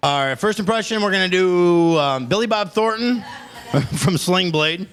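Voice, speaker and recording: A man's voice: high-pitched, lively intonation, normal speed, a bit bright, soft background music. A man doing a stand-up comedy set, who keeps breaking into laughter at his own jokes. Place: comedy club stage. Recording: noisy club recording.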